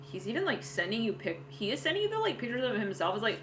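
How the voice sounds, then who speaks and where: A woman's voice: mid-range voice, expressive, quick pace, hardly any pauses, bright, forceful tone, slight background noise. A woman giving a casual tarot reading, rambling with lots of fillers and frequent laughter. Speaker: tarot reader.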